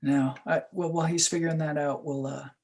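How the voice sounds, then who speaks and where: A man moderating an online session who speaks in a brisk, practical way from a distance from his microphone. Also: on the high side, steady tone, a little mellow. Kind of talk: running a video call.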